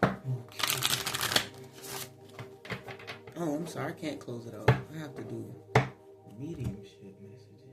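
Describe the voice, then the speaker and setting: A man giving a casual spiritual tarot reading, chatty, laughing often and filling pauses with ums. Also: medium pitch. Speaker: tarot reader. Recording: voice over clear background music.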